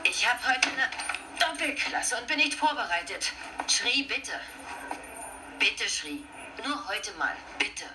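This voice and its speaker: A woman's voice: on the high side, music in the background. An actress voicing a busy mother who scolds her picky kids in a dubbed TV series. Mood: pleading. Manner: brisk, scolding, lively. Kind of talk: German TV dub acting. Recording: roomy kitchen with loud clattering dishes.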